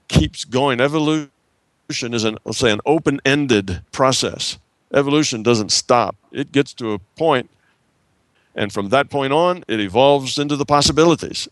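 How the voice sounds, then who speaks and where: A man's voice: mid-range voice, a bit bright, no echo. A man explaining ideas in an unscripted talk, thinking aloud, restarting phrases and asking the listener rhetorical questions.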